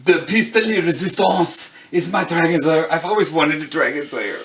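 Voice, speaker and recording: A man's voice: a little high, normal speed, recorded from a distance, over music, rough recording. A man in his forties casually chatting as host, showing off his collection at home, enthusiastic and rambling with self-deprecating asides. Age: 40s. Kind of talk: casual chat. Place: home room with arcade cabinets.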